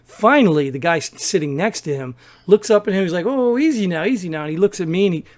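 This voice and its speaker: Animated man telling a story. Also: on the high side, quick pace. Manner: animated storyteller, acts out quoted people. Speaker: podcast co-host. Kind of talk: casual storytelling chat.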